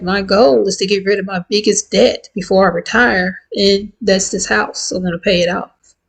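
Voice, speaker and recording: A woman in her fifties talking candidly and warmly to her viewers in a casual, heartfelt vlog. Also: mid-range voice, vocal fry, slightly rough, poor audio. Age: 50s. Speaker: vlogger. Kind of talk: casual chat to camera.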